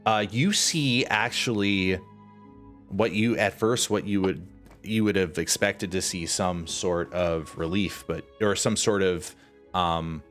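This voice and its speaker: A man's voice: deep voice, slow, fairly bright tone, faint music behind. A man narrating as game master for a live-streamed tabletop game, casual and full of fillers, speaking into a desk mic at home.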